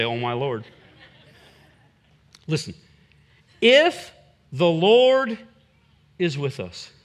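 Male pastor, bright high voice, slow deliberate sermon delivery. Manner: animated, acts out quoted voices.

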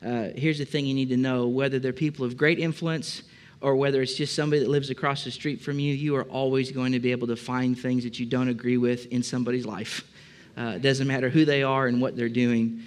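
A male pastor delivers a conversational sermon with a mid-pitched voice. He speaks plainly and rambles a little, with frequent "uh" fillers and friendly asides to the people in front of him. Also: little pitch movement, brisk. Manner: conversational, many filler "uh"s, addresses congregation directly.

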